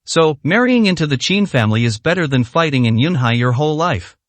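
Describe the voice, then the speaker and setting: A man's voice: fairly high pitch, lively intonation, a little fast, no echo, close to an everyday voice. A man reading the lines of a stern, proud, powerful aristocratic mother in a storybook, with a cold, commanding manner. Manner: cold commanding, evenly read.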